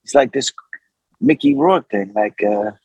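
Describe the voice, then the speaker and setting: A man, an actor, telling an anecdote in an animated, conversational way with lots of fillers. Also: medium pitch, normal speed, slightly rough, no echo, poor audio. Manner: animated, with many fillers and acted quotes.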